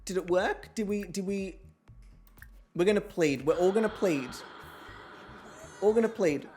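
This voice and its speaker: A young woman streams a life-sim game as host of an interactive show, chatting, swearing and laughing through casual commentary. Her voice is medium in pitch with a dark tone, her pace measured, and a little hiss or hum sits under the audio.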